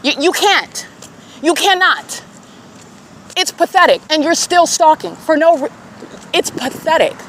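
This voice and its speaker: A woman's voice: high-pitched, animated, unhurried, long pauses, a bit bright. A woman podcaster delivering a scornful, accusatory monologue outdoors in an urban square. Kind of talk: confrontational monologue. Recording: clear traffic noise outdoors.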